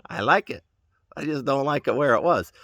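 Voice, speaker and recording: A man vlogs outdoors on rural land while fixing a trailer tire, rambling in a folksy way with chuckling asides and running short of breath. His voice is medium-pitched and a bit bright at a normal speed. The recording is dry and the audio sounds dull.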